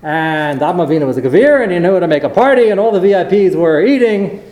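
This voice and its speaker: A man delivering a Torah lecture, telling stories with animated, acted-out quotes. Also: high voice, fast. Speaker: rabbi. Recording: roomy echo.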